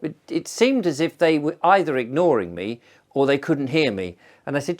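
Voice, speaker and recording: A man's voice: medium pitch, expressive, a little fast, darkish tone. A middle-aged man spins a tale in an easygoing, rambling voice. He often restarts his sentences as he goes, like someone chatting across a table. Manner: conversational, rambling, frequent restarts. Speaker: storyteller host. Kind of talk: chatty spoken storytelling.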